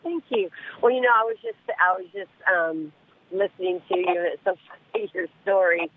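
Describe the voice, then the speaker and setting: A man's voice: high-pitched, animated, fairly quick. A middle-aged man calling in to a radio show, talking in an earnest, rambling way over a tinny phone line. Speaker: caller.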